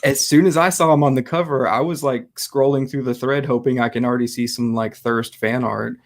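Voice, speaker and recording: A man in the middle of the male pitch range hosts a relaxed interview. He talks in an easygoing way and laughs along with his guest. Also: a little fast. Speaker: interviewer, host. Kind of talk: casual interview chat.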